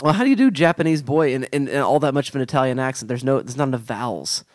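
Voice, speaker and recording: A man's voice: medium pitch, quick pace, no echo, studio quality. Joking man hosting a film podcast. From Oklahoma. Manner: animated, jokey, with playful asides. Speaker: podcast co-host. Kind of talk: casual film analysis podcast.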